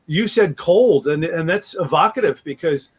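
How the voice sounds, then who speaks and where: A man in his forties, a guest author telling rambling stories in a casual interview and slipping into animated impressions. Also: on the high side, normal speed, husky. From United States.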